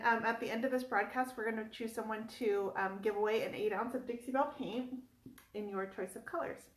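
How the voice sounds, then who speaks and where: A woman's voice: a little high, a little hiss or hum. A woman hosting a casual live stream as a furniture painter, chatty and giggly, greeting viewers by name. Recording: echoey room.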